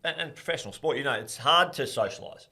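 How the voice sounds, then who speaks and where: An Australian man spins laughing footy stories on a podcast. His voice is bright and forceful, and his pitch sits mid-range for a man. He talks casually, with restarts and asides. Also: quick pace. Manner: animated, laughing storyteller. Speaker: guest, former pro footballer.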